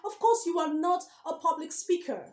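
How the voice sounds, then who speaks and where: A woman's voice: extremely high pitch, normal speed, darkish tone, reverberant, slight background noise. A woman giving a speech coaching lesson to camera, emphatic, repeating key words and asking rhetorical questions.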